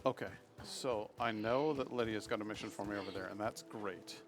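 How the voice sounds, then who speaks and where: A man's voice: on the low side, brisk, music in the background. Rambling, chatty male game streamer. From Massachusetts. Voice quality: rambling, chatty, bursts into loud laughter. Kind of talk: live let's play commentary.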